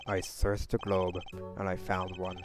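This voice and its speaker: A woman voicing a stern elderly male gangster boss in a low, gruff voice. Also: completely flat delivery, unhurried, faint music behind. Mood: solemn.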